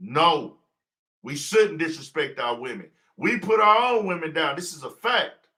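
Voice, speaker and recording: A man's voice: a little high, lively intonation, measured pace, pushed and bright. A man hosting a casual livestream talk show, preaching his point with rhetorical questions he answers himself. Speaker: podcast host.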